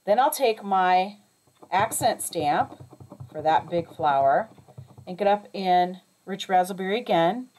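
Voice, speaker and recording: A woman's voice: on the low side, darkish tone. A woman teaching a craft lesson step by step, chatty, often checking in with "okay?" and correcting herself as she goes. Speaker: crafting instructor.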